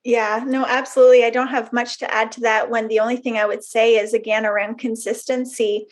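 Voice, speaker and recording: Brief: woman, fairly high voice, webinar presenter, earnest and explanatory, with chatty asides. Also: little pitch movement, brisk.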